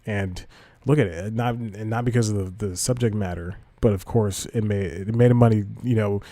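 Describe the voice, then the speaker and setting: A young man hosts a solo podcast in a low, mellow voice, wandering from thought to thought with self-mocking asides. The sound is dry and close with no room to it. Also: fairly even intonation, moderate pace, no room sound. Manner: loose, self-deprecating, restarts sentences. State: slightly out of breath. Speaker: podcast host. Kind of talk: rambling solo podcast talk.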